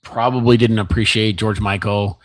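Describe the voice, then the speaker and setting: A man's voice: on the low side, flat delivery, moderate pace. An American man co-hosting a casual podcast, joking, rambling and laughing a lot. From United States. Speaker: podcast co-host. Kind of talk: casual chat.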